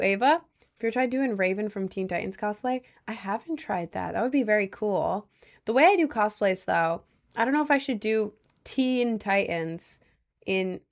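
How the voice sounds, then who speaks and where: A woman's voice: medium pitch, gravelly. A young woman livestreaming from home, chatting casually and answering viewer messages, rambling with lots of fillers. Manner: rambling with many likes and I don't knows.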